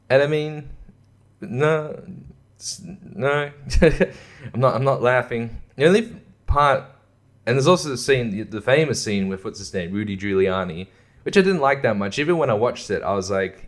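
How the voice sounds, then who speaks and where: A man's voice: mid-range voice, lively intonation, normal speed. A young man hosting a podcast, ranting casually about films in a profane, sarcastic way and laughing often. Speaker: podcast host. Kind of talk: casual rant.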